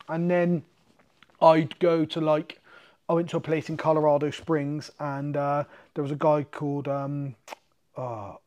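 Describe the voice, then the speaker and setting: Guy, bit high voice, rattling off gym stories and swearing. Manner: animated, swearing, acts out quoted exchanges. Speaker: guest, MMA fighter. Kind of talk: casual storytelling.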